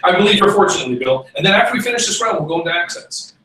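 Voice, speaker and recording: Lively, bright-voiced man in improv banter. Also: high voice, a little hiss or hum. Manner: playful, quick laughter. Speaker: comedy troupe member. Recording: roomy echo, distant mic.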